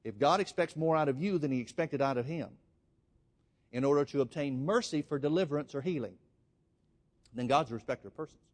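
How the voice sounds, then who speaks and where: A man's voice: on the high side, fairly quick, pauses often. A man preaching a sermon, telling a story with emphatic delivery. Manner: emphatic storytelling, addresses the congregation as folks.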